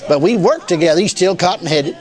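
Older preacher, high-pitched, folksy storyteller who chuckles a lot. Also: male voice, animated, a little fast, darkish tone, a faint crowd. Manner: folksy, chuckling often, fillers like "you see". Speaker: pastor. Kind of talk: sermon storytelling.

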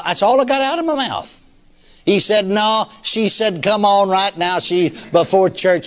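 Older preacher, high-pitched, folksy storyteller who chuckles a lot. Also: male voice, fairly bright tone. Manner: folksy, chuckling often, fillers like "you see". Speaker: pastor. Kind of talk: sermon storytelling.

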